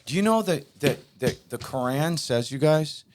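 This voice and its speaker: Guy preaching hard on a podcast, kinda high voice, keeps hammering the same points. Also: expressive, moderate pace, a little hiss or hum. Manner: emphatic, repetitive, heated. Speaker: podcast host. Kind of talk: fiery preaching talk.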